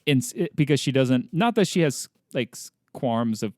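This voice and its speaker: A man's voice: mid-range voice, animated, normal speed, darkish tone, no echo, clean studio sound. A man co-hosting a podcast, chatting casually and laughing often while he searches for words. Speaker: podcast co-host. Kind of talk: casual chat.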